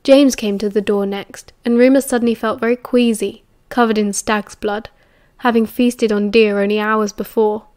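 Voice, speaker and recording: A woman's voice: on the high side, steady tone, normal speed, darkish tone. British woman narrating an audiobook.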